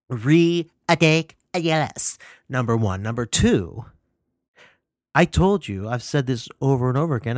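A man's voice: medium pitch, no room sound, clean studio sound. A man giving opinionated film commentary who speaks in an indignant, emphatic way and often repeats himself. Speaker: film reviewer.

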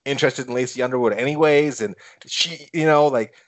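A man talking casually about a film in a middle-pitched voice. He speaks haltingly, stopping and restarting as he works out his thoughts. He sounds relaxed among friends. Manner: halting, many restarts and fillers while thinking aloud. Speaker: podcast co-host. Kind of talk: casual movie chat.

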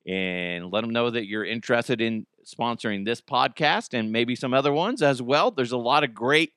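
A man hosting a podcast alone, chatting casually in an animated, profane, rambling way. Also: medium pitch, smooth, no echo, clean studio sound. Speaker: podcast host. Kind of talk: casual solo podcast chat.

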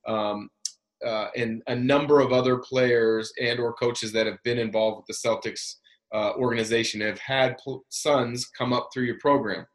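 A man's voice: mid-range voice, steady tone, moderate pace. A man hosting a casual sports interview, asking long winding questions. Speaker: host.

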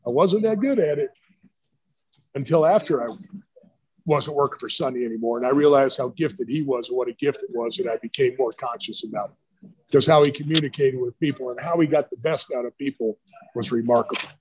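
A man's voice: medium pitch, quick pace, a little hiss or hum, rough recording. A middle-aged man, a retired football coach, telling long rambling anecdotes in a casual interview and acting out what others said to him. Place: brewery.

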